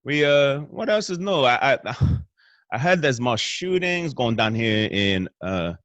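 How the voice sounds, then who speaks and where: A man's voice: medium pitch, animated, a little slow, fairly bright tone, dry recording, dull audio. A man with a Northeastern Pennsylvania accent, rambling through a profane comedic monologue in a hotel room. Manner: profane, meandering, restarts. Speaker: show host.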